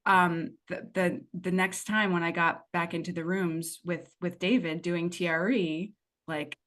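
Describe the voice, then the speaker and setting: A woman with a lowish voice, talking as a podcast guest about her own experiences. She tells it candidly and expressively, drifting into asides and acting out what she said to herself. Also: a little slow. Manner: expressive, digressive storyteller who acts out her past self. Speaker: podcast guest, money mindset and tapping coach. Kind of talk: candid conversational storytelling.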